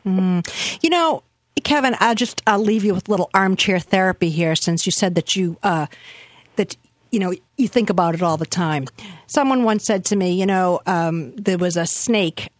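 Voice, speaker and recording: A woman's voice: on the low side, moderate pace, no echo, clean studio sound. A woman hosting a radio interview, speaking hesitantly with many "um"s and restarts. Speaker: talk show host.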